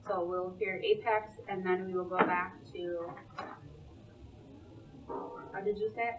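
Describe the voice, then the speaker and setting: A woman's voice: fairly low pitch, steady tone. Minnesotan woman chairing a board meeting. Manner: brisk, procedural, runs motions and votes. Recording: distant, dull meeting-room recording.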